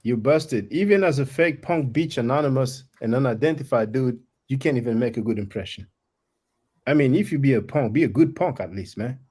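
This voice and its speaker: Husky-voiced guy running a live stream, blunt and mocking, mid pitch. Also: a little fast, dark tone. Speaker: livestream host. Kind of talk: live stream talk with guests.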